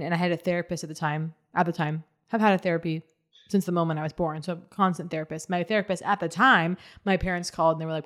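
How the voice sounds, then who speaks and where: A woman co-hosting a podcast, chatting casually with playful teasing and quick reactions. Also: lowish voice, steady tone. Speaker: podcast co-host. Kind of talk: casual chat.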